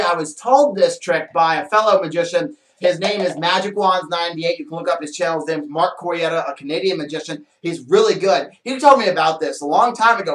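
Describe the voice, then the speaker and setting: Here a man hosting a magic show speaks in a high voice with a fairly bright tone, offering casual how-to tips. He's talkative and wandering, full of fillers and playful side remarks. The recording is reverberant, from a small room with a counter and shelves.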